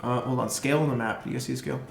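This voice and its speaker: A man's voice: medium pitch, fairly even intonation, rapid-fire, creaky. A man narrating as dungeon master in a casual, laughing way. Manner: laughing, loose delivery. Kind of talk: casual tabletop game narration. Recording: echoey room with music behind.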